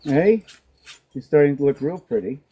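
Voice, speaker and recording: A man in his forties rambles to his dog in a playful, sing-song way, then drifts into counting letters as numbers. His voice is husky and mellow, with a soft, dark tone. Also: on the high side, animated, moderate pace, low-quality recording. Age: 40s. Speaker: vlogger.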